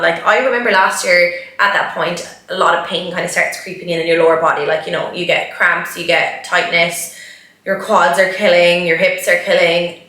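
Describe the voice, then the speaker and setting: A woman's voice: on the low side, bright, forceful tone. A young woman vlogger talking candidly and emotionally about a hard race, with lots of fillers. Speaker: vlogger, marathon runner. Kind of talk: reflective vlog talk. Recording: very echoey room.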